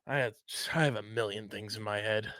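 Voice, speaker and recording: A man's voice: lowish voice, fairly quick, no room sound, studio quality. A man, co-hosting a casual podcast and telling stories with lots of swearing. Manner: animated storytelling, swearing, spells words letter by letter. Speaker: podcast co-host.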